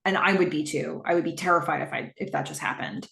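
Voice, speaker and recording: Woman host, low-ish voice, animated episode recap, echoey room. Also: quick pace, vocal fry. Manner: animated, laughs often, acts out the characters' lines. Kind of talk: casual scene-by-scene recap.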